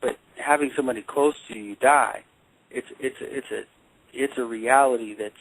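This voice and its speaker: A man working as a life coach and counselor, telling a personal story in a phone interview with halting speech and frequent repeated words. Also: mid-range voice, a bit bright, low-quality recording.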